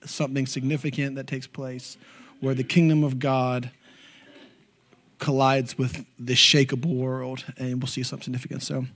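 A man's voice: medium pitch, level tone, moderate pace, fairly bright tone. A man reading a Bible passage aloud and reflecting on it earnestly.

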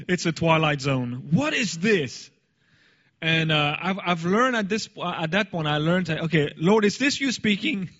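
Man, slightly high voice, animated storyteller, dull lo-fi sound. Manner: animated, laughs while telling. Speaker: speaker sharing a story. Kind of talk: casual storytelling.

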